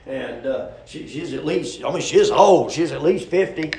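Gravelly preacher, folksy and rhetorical. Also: male voice, on the high side, animated, moderate pace, a little mellow, reverberant. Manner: folksy, rhetorical, storytelling with humor. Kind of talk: sermon.

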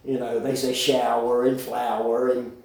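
A man preaching a folksy, rambling sermon with sudden shouted bursts in a church. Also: mid-range voice, level tone, measured pace. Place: church hall. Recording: very echoey church from far off.

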